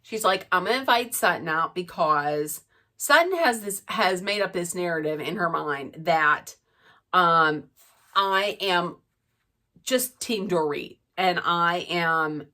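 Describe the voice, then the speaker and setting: A middle-aged woman chatting through a gossipy, animated recap of a reality show. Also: fairly low pitch, slow pace. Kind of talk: casual recap chat.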